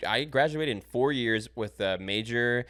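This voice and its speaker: A young man hosting a podcast, telling stories in a casual, animated, profane way and laughing as he goes. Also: mid-range voice, unhurried. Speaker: podcast host.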